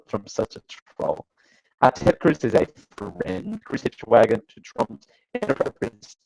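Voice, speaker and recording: A male host talks through casual commentary with a dry, sarcastic edge, wandering off and restarting his sentences. His voice has a gravelly fry to it, and he sounds close and dry with no room around him. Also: mid-range voice, a little mellow, dry recording, rough recording. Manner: sarcastic, rambling, with frequent fillers and restarts. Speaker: show host.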